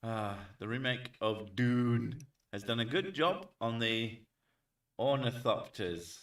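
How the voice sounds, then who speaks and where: A man chatting casually and jokingly on stream, swearing now and then and throwing in loud bits. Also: medium pitch, animated, slow pace. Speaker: streamer host. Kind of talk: casual chat. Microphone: desk mic set back from him. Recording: echoey room, far from mic.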